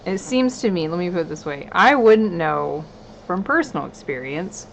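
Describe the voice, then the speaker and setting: Chatty woman streamer, lowish voice. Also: animated, moderate pace, creaky, slight background noise, rough recording. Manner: laughing, chatty storyteller. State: hoarse voice. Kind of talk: casual chat.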